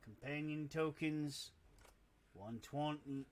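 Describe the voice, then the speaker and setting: A man's voice: medium pitch, animated, fairly bright tone. A man giving casual gameplay commentary, muttering to himself and poking fun at himself. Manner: slow, muttering to himself, self-deprecating. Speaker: gamer.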